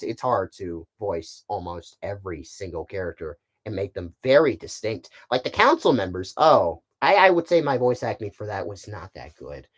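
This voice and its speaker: A man casually chatting on a stream about his puppet series and answering viewer questions, often stammering and repeating words before finishing a thought. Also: mid-range voice. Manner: rambling and offhand, with frequent fillers like "like" and "you know".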